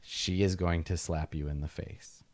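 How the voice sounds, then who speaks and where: Halting low-voiced man running a game. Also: steady tone, darkish tone, no echo. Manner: halting, lots of fillers and restarts. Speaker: game master. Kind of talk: narrating a tabletop game.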